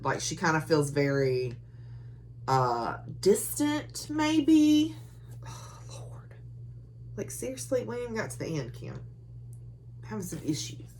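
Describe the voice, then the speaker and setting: A woman's voice: mid-range voice, fairly bright tone, slight background noise. A woman giving a casual book recap, chatty and full of filler words, laughing often as she retells the story. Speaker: book reviewer.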